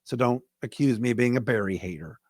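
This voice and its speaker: A man's voice: medium pitch, lively intonation, fast talker, a little mellow, no room sound, studio quality. A man hosting a solo sports podcast, giving blunt, emphatic opinions in casual commentary. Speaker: podcast host.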